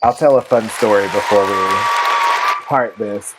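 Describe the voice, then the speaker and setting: A man's voice: on the low side, a little slow, a loud crowd, very noisy. A man and podcast co-host telling a personal story in casual conversation, chatty and laughing now and then.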